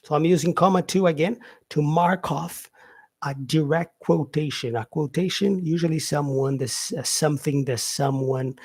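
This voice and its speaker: Male English teacher, slightly higher pitch, relaxed and repetitive explainer. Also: normal speed, husky. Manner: repeats example sentences, frequent "yeah" and "um" fillers. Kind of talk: casual spoken lesson.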